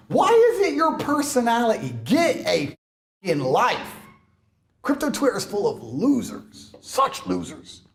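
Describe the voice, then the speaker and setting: A man in a heated interview, ranting in a brash, mocking way, swinging between loud outbursts and low mutters. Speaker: interview guest. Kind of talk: heated rant.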